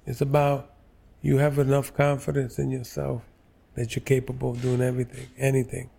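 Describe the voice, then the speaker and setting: A man in his sixties from New York's Lower East Side, an actor telling stories in an interview, slow and halting with many fillers. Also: monotone, creaky, warm tone, breathy edge. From New York, Lower East Side. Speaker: actor, guest. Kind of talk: relaxed interview storytelling.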